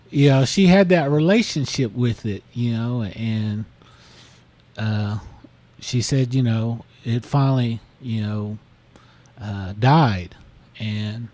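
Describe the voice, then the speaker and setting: A man's voice: mid-range voice, warm tone, no room sound. A man co-hosting a podcast, casually retelling a listener's story with lots of fillers and restarts. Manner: rambling, many fillers. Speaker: podcast co-host.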